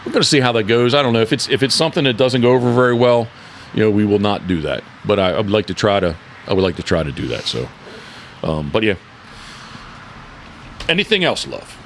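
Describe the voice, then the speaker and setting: Rambling, low-voiced man hosting a podcast. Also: expressive, fairly quick, slight background noise. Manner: rambling, corrects himself often. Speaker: podcast host and decoy carver. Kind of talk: casual podcast chat.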